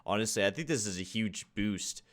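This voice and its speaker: Low-voiced man chatting on a podcast. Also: fairly quick, fairly bright tone. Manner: thinking aloud with many fillers. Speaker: podcast co-host. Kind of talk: casual chat.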